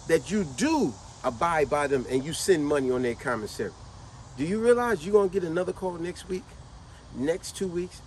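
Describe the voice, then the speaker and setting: A woman's voice: on the low side, a little mellow, a little hiss or hum, low-quality recording. A middle-aged woman giving casual commentary to her vlog audience, emphatic and repetitive, stretching out words to drive her points home. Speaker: vlogger.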